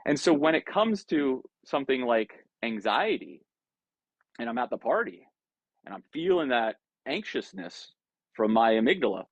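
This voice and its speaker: A man teaches a dharma talk in a loose, conversational way, often slipping into the voice of his own thoughts. His voice sits in a middle pitch. The recording is dry and a bit muffled, like a video call. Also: moderate pace, dry recording. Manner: conversational, animated, acts out inner voices. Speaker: Buddhist teacher. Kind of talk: dharma talk to an online group.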